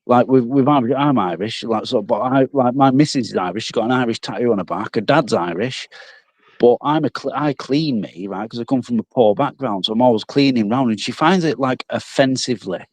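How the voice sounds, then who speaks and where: A man's voice: medium pitch, brisk, darkish tone, dry recording. A man in a casual live chat, telling little stories about himself in a chatty, self-deprecating way. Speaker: chat guest.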